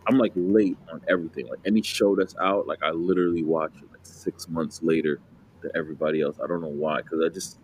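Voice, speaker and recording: Fast and steady in tone, a deep-voiced man from New Jersey in his late twenties chats casually as a podcast co-host. He rambles, laughs a lot and fills his talk with fillers and restarts, while the poor audio has a little hiss or hum.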